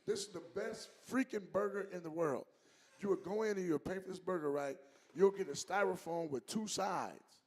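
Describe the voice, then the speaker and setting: Middle-aged male co-host, high-pitched, lively storyteller on a comedy podcast. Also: normal speed, breathy edge. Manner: animated, laughing, storytelling. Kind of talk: casual comedy podcast chat.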